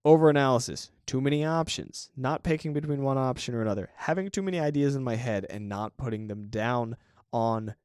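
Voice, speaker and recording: Guy thinking out loud on his podcast, mid pitch, dry close sound, keeps asking right?. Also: smooth, dry recording. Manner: reflective, conversational, often asks "right?". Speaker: podcast host. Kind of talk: casual solo talk on creative work.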